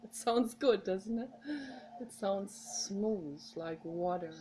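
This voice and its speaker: Slow, earnest woman vlogging. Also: mid-range voice, mellow, slight background noise, low-quality recording. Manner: earnest, rambling, heartfelt encouragement. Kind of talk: casual direct-to-camera monologue.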